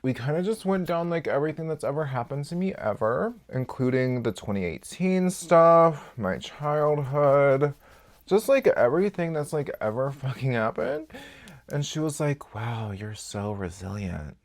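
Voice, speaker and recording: A man chatting candidly to camera as a beauty vlogger while doing his makeup, swearing freely and swinging between loud outbursts and quiet asides. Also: a little high, very animated, normal speed. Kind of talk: casual get-ready-with-me chat.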